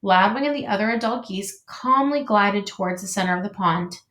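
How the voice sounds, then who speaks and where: A teacher reading a children's book aloud in an expressive, measured way. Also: female voice, mid-range voice. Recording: echoey room.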